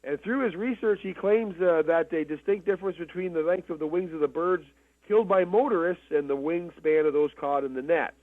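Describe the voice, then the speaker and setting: A man from Canada, co-hosting a radio talk show in a casual but deliberate way, slowing down to stress his points. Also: on the high side, no echo. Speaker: radio co-host. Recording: tinny phone line.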